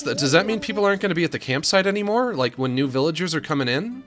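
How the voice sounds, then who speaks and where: A man comments on his game in dry, sarcastic asides. His voice is bright, lively in pitch, with faint music under it. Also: rapid-fire, few pauses. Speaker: streamer playing a video game.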